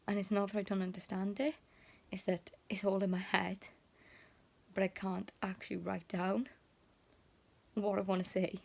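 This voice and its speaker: Woman, young, gravelly fry, emotional rambling vlog talk, whispered asides. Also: medium pitch, level tone, normal speed, pauses often. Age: young adult. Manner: emotional, rambling, full of "like" fillers; drops into half-whispered asides. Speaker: vlogger. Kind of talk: casual confessional vlog.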